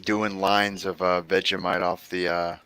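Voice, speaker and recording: A man's voice: deep voice, flat delivery, measured pace, pushed and bright, clear, resonant tone, no echo, rough recording. A man chatting casually on a group stream, dry and matter-of-fact, with blunt remarks. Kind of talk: casual chat.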